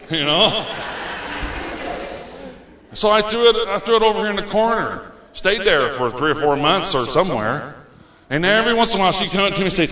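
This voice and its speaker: A man's voice: a little high, expressive, moderate pace, bright, forceful tone. Folksy preacher man in an echoey church. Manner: folksy storytelling preacher, acts out his own past words. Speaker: pastor. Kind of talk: sermon. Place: church sanctuary.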